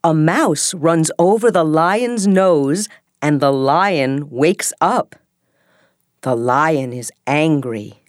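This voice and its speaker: A woman narrating a simple story for English learners in a clear, deliberate way, with every phrase set apart. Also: deep voice, no echo, studio quality.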